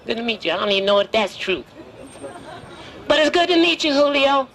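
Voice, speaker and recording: A man's voice: extremely high pitch, lively intonation, fairly quick, fairly bright tone. A man voicing a cheeky, streetwise wooden dummy, teasing strangers on a busy city street. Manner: brash, flirty, wisecracking. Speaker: ventriloquist's dummy. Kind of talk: street comedy teasing passersby. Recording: street crowd noise behind.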